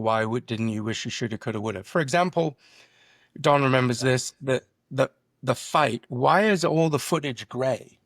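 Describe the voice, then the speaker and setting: A middle-aged man, guest on a podcast, telling lively work stories and acting out conversations in quoted voices. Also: a little high, gravelly, dry recording, studio quality. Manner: animated storyteller acting out dialogue. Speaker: guest, drone business founder. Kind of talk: podcast interview.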